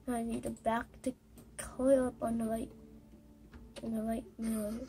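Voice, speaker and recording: A woman giving casual gameplay commentary while playing, halting and exasperated, with many fillers. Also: on the high side, little pitch movement, dark tone. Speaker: gamer recording gameplay.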